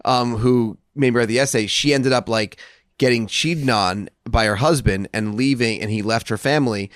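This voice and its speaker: Male comedian guest, mid pitch, giggly anecdote teller, dry mic. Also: normal speed, dry recording. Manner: laughs through stories, swears, acts out quotes. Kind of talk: casual storytelling chat.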